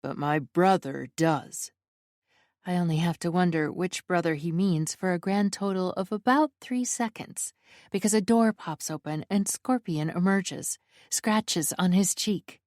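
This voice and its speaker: A woman narrating a first-person romance audiobook in a wry, expressive way, close to the mic. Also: lowish voice, a little slow, no room sound.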